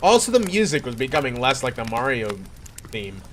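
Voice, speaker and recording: A man's voice: medium pitch, very animated, a little fast, slight background noise. A man reading a horror story aloud in a playful, mock-dramatic way. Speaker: creepypasta reader.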